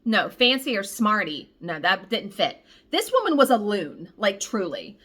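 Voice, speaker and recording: A woman cross-stitch vlogger telling a story in a casual, animated, exasperated way, swearing freely. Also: medium pitch, measured pace.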